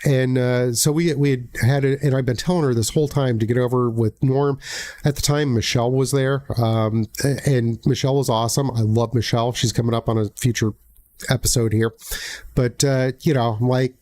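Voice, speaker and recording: Casting: American man hosting a live stream, blunt and profane, stumbling restarts, mid-pitched voice. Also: fairly even intonation, brisk, dark tone. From United States. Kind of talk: casual livestream talk.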